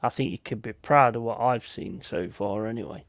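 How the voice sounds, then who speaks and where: A man hosts a late-night football watch-along, talking in a relaxed, blunt way and dropping the odd swear word. His voice has a gravelly, fried edge and sits in the middle of the range. The sound is close and dry, with no room around it. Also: medium pitch, moderate pace, dry recording. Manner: blunt, sweary banter with chat shout-outs. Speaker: stream host. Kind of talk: casual live watch-along chat.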